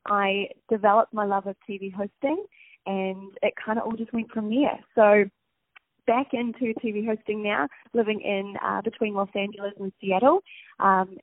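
A woman's voice: medium pitch, dry recording. A bubbly woman with a New Zealand accent tells her story over the phone. The line is tinny and narrow, with a completely dry sound and no room around her. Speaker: guest, TV host. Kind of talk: phone interview. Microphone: telephone.

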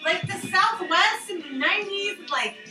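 A woman's voice: very high voice, expressive, normal speed, over music. A woman on a podcast, talking brashly and swearing in casual chat. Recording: echoey room, away from mic.

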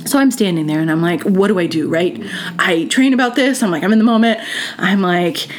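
Speaking a little fast in an expressive, low-sitting voice, a woman hosting a podcast tells a school story as a monologue. She's chatty, leans on "like" and "you know," and performs others' quoted lines, with a little hiss or hum in the background.

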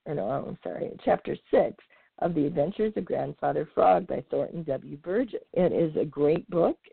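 A woman hosting a podcast, reading a children's animal story aloud in a lively, expressive way. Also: low voice, normal speed, gravelly, breathy edge, dry recording. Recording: dry, tinny phone-like sound.

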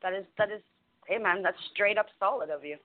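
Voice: medium pitch, brisk. A radio host speaking bluntly and reassuringly in casual talk, repeating phrases. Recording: tinny phone line.

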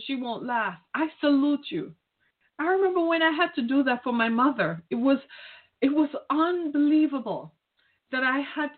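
A middle-aged woman talks straight to her listeners in an earnest, preaching way, coming back again and again to the same phrases. Her voice sits fairly high and comes through a thin, phone-like line. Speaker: speaker addressing caregivers. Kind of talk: heartfelt direct-address talk.

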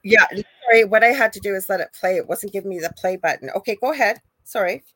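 A middle-aged woman co-hosting a live chat, telling a ghost story in an animated way. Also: mid-range voice, fast. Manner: animated storyteller, acts out quoted voices. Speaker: co-host, psychic medium.

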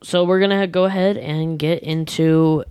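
Upbeat woman podcast host, lowish voice, dry close sound, teasing. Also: steady tone, normal speed, dark tone, clean tone, no room sound. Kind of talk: casual podcast chat.

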